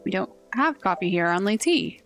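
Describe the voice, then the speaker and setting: A woman's voice: medium pitch, big pitch swings, moderate pace, a bit bright, faint music behind. A woman voicing a blunt, weary young woman who runs a tea shop in a video game, with dry delivery.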